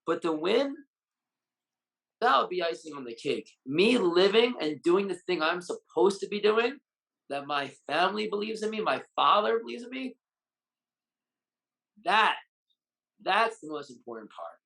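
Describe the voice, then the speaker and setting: A man with a somewhat high, gravelly voice talks through a candid interview. He is blunt and swears constantly. He opens up with raw emotion as a fighter and coach. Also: very animated, measured pace, long pauses, a bit bright, rough recording. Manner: blunt, heavily profane, openly emotional. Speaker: Muay Thai fighter and coach.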